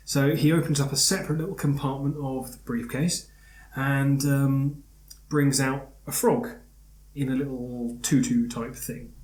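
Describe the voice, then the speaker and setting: A man with a mid-pitched voice spins out a joke in a loose, rambling way, stumbling over fillers as he goes. He is recorded in a roomy, echoing space. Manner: rambling, animated storyteller with many fillers. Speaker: podcast host. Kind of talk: casual chat, telling a joke. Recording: roomy echo.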